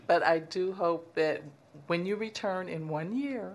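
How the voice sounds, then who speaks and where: A woman's voice: lowish voice, steady tone, normal speed, slight background noise. A woman chairing a public commission meeting, giving an emotional farewell tribute.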